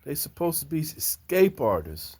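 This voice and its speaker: An older man, chatting slowly and fondly to his backyard chickens outdoors. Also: fairly high pitch, big pitch swings, darkish tone, slightly rough. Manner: slow, drawling, talks fondly to the birds. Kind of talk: casual chat talking to his hens. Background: chickens clucking.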